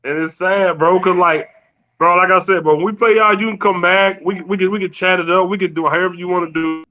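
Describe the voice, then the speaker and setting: A man co-hosts a sports show, answering rival fans with relaxed, slangy banter. His fairly high voice comes through a thin line that sounds like a phone call. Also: brisk. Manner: laid-back slangy banter. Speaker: co-host. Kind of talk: casual sports talk.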